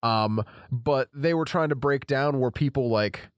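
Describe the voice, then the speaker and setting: A man's voice: mid-range voice, measured pace, no echo, clean studio sound. A man from Pennsylvania co-hosting a podcast, telling stories in casual chat and acting out quotes. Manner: storytelling, acts out quotes. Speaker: podcast co-host.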